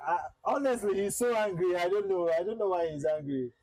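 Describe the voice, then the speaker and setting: A man's voice: high-pitched, fairly quick, darkish tone, no room sound, low-quality recording. A man livestreaming a flight simulator, chatting casually with viewers and repeating himself as he flies.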